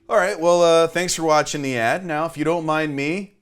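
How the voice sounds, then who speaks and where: A man's voice: fairly high pitch, steady tone, fairly quick, faint music behind. A man hosting a comedy show, reading an ad in a sarcastic, crude manner. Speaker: host. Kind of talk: comedic ad read.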